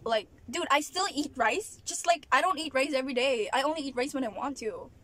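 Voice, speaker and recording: High-pitched, bright, and pushed, the voice of a woman from the Philippines comes through fairly quickly as she vents in a casual vlog. Between bites and exasperated remarks she laughs often, and the camera sits at an angle.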